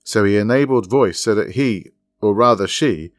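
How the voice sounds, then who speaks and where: A man's voice: on the low side, animated, moderate pace, no echo, voice pushed up, close to an everyday voice. A man voicing a wry, cheerful woman. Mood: amused.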